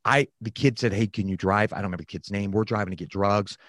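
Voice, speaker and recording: Man, low voice, frank and reflective storyteller, close dry mic. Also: steady tone, fast, fairly bright tone, no echo. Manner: frank and reflective, with frequent restarts. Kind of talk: candid storytelling in a conversation.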